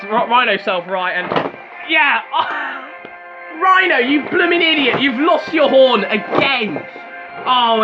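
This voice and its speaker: A young man calls robot battles with a strikingly high voice, chatty and full of teasing asides. The recording is a bit muffled and lo-fi, with music playing clearly underneath. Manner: joking, chatty, excitable asides. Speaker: commentator. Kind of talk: casual fan commentary of robot fights. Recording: slightly dull lo-fi sound with music behind.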